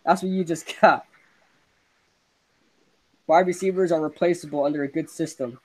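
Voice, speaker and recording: A young man with a high voice hosts a casual sports podcast. He rants about football with excitable energy and laughs often. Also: moderate pace, long pauses. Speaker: podcast host.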